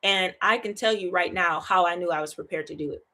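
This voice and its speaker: A woman hosting a Bible study in a casual, chatty teaching style. She is animated, laughs often, keeps asking "right?" and repeats phrases for emphasis. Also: lowish voice, fairly quick.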